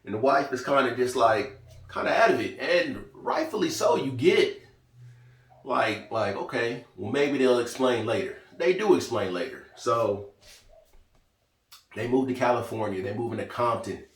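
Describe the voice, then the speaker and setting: A man talks through a TV show review in a loose, chatty way, with a middle-pitched voice. He sits back from the mic, and the room adds a noticeable echo. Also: normal speed, recorded from a distance. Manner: chatty, lively, quotes characters in small voices. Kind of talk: casual spoken review.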